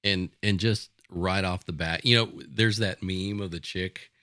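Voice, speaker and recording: Co-host type, man with a very deep voice, rambling anecdotes, dry close sound. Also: steady tone, unhurried, bright, forceful tone, no room sound. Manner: rambling, chatty. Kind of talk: casual storytelling.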